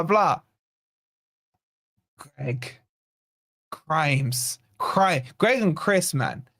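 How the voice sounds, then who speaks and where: On a fan channel's post-match livestream, a male host with a fairly high, slightly bright voice rambles through the ratings, sounding sarcastic and fed up. The audio is dry and close-miked, with no room sound.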